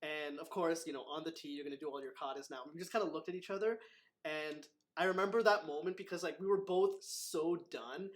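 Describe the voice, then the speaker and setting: A man with a slightly raised voice hosts a relaxed chat as a martial arts instructor. He rambles through his stories, leaning on fillers and acting out what others said. His tone stays easygoing and conversational. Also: fairly high pitch, a little fast. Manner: rambling, filler-heavy retelling with acted quotes. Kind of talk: casual storytelling chat.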